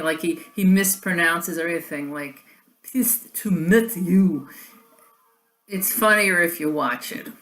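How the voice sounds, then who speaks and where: A woman's voice: fairly low pitch, a bit bright. A woman chatting casually to camera from her home in a wry, rambling way, with many asides. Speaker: vlogger. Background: faint classical music.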